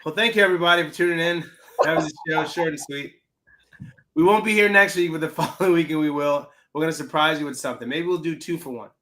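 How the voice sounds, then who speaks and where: Bright-voiced man co-hosting a casual chat. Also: fairly high pitch, quick pace. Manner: laid-back, rambling, laughs often. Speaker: podcast co-host.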